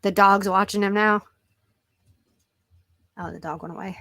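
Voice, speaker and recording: A woman's voice: medium pitch, steady tone, measured pace, fairly bright tone, dry recording. A woman vlogging casually from home at her computer, rambling with lots of fillers and cooing at her cat. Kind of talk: casual chat to camera. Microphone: computer microphone.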